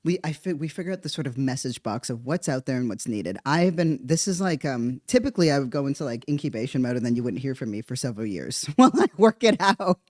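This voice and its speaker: Solo podcast host: chatty comedic monologue, frequent laughter, mid-pitched voice, dry close recording. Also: fast, hardly any pauses, no room sound. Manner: animated, laughs often, rambling asides.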